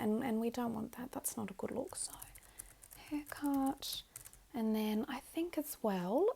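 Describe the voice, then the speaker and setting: A woman's voice: on the high side, vocal fry, dark tone, husky, heavily acted. A woman voicing a doting, wealthy Australian mother in a whispered role-play, fussy and gushing, calling the listener darling.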